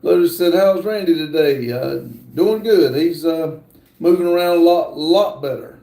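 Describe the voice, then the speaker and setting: A middle-aged man hosting a casual livestream, reading viewer comments aloud in a halting, apologetic way. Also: a little high, mellow. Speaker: livestream host. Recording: roomy echo.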